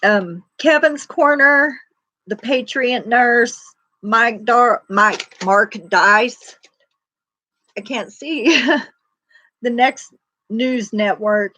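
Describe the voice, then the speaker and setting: A woman's voice: a little high, drawn-out words, sharp tone, no echo. Chatty woman hosting a casual livestream. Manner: chatty, folksy, rambling with frequent fillers. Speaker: livestream host. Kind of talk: casual faith-driven livestream chat.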